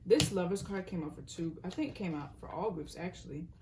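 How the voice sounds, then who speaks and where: A woman's voice: fairly low pitch, a little fast, noisy background. A young woman giving a casual tarot reading, talking in a rambling, earnest way and often breaking off mid-thought. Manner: rambling, earnest, self-interrupting, sometimes laughing or dropping to a whisper. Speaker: tarot reader.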